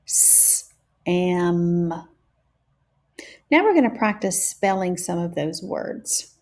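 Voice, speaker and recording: A woman teacher leading a phonics lesson for young children, sounding out each word slowly and clearly. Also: medium pitch, very animated, darkish tone. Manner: slow and deliberate, stretching out each sound.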